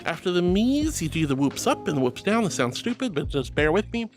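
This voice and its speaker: A woman's voice: fairly low pitch, very animated, brisk, soft background music. A woman streamer chatting casually with viewers, playful and dramatic, calling them honey and sweetie. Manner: playful and dramatic, often laughing. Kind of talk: casual livestream chat.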